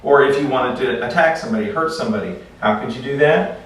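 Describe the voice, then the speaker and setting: A man's voice: medium pitch, quick pace. Man teaching a class in an echoey room. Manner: conversational, repeats words when restarting. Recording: echoey room, far from mic, faint noise.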